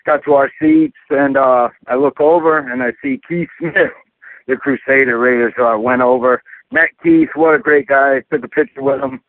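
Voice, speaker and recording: A man's voice: mid-range voice, fairly even intonation, no room sound. Male fan caller, angry and profane, dry tinny phone sound. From New York. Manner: angry, profane, rapid venting.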